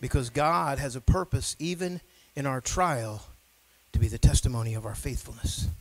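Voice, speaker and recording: A male pastor preaches a sermon, swinging from quiet, low talk to loud shouting and adding call-and-response asides to the congregation. He speaks at a moderate pace, and the audio is poor.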